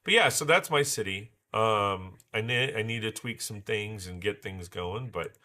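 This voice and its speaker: A man hosting a casual livestream while he builds, rambling with many fillers and restarts, his voice hoarse as he recovers from losing it. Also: on the low side, a little slow, bright, forceful tone. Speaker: livestream host building Lego.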